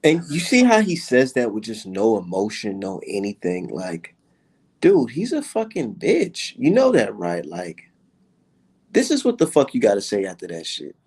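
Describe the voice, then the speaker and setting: Male vlogger with a gravelly voice, swearing and mocking, with an animated delivery. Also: fairly low pitch, normal speed. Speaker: vlogger reacting to boxing clips. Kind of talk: profane casual reaction commentary.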